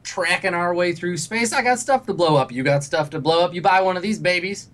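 A man's voice: high-pitched, brisk, a bit bright, pitched above the performer's own voice. A man voicing a pushy, folksy middle-aged male ship salesman with a drawling, wheedling sales patter.

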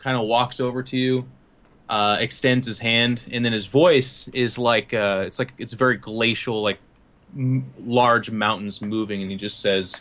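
Bright-voiced man running a tabletop game. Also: medium pitch, steady tone, measured pace. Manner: rambling, full of fillers and laughs. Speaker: game master.

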